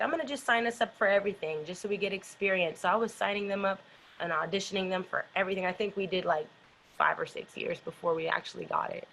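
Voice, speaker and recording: A woman's voice: medium pitch, a bit bright, a little hiss or hum, rough recording. A middle-aged woman being interviewed about her dance company, telling stories in a loose, rambling way with lots of fillers. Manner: rambling, filler-heavy storytelling. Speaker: dance company founder, guest. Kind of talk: casual interview chat.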